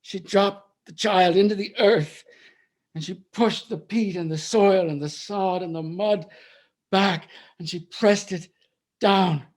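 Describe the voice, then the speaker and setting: Storyteller guy, slightly high voice, slow rhythmic telling, drops to whispers. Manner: slow, rhythmic, repeating phrases, dropping to whispers. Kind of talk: dramatic oral storytelling.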